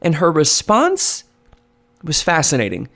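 A man hosting a podcast, introducing clips and interviewing a guest in a lively, animated way. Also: on the high side, a little slow. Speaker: podcast host. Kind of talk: podcast countdown narration and interview.

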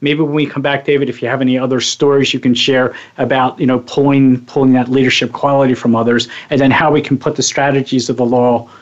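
A man's voice: medium pitch, flat delivery, quick pace, few pauses. A man hosting a radio talk show, asking questions that stumble and restart. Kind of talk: radio interview. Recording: slightly dull, lo-fi sound.

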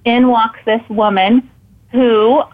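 A woman tells a personal story as a podcast guest, slightly high-pitched and lively, voicing her own thoughts aloud. Her voice comes through a thin, phone-like line. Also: slow. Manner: animated, acts out her own thoughts in quotes. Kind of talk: storytelling in casual conversation.

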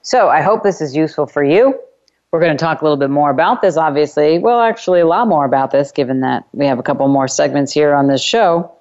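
A woman hosting a self-help call-in radio show, speaking in unhurried, emphatic phrases and repeating chanted clearing phrases. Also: deep voice, a little mellow, highs cut off.

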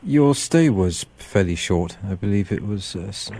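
A man hosting an interview, asking questions in a measured, polite way. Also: fairly low pitch, expressive, dark tone, a little hiss or hum. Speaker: host.

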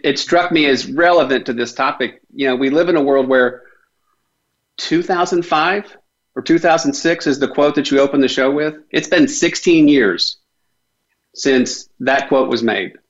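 A man in his forties speaking as a panel guest in a measured, explanatory way. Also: medium pitch, a bit bright. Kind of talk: discussion talk. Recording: dull lo-fi sound.

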